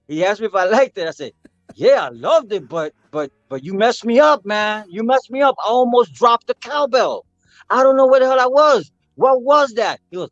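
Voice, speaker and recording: An older man, a percussionist, telling a story with animated energy, acting out voices and singing rhythms. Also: high-pitched, moderate pace, no room sound, highs cut off, faint music behind. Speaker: percussionist guest. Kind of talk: storytelling interview.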